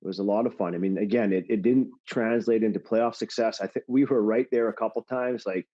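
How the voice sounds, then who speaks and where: Animated storytelling man, lo-fi sound. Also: on the low side, a little fast. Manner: animated, laughing storyteller with many fillers. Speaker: guest, former hockey player. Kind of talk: casual podcast storytelling. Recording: dull lo-fi sound.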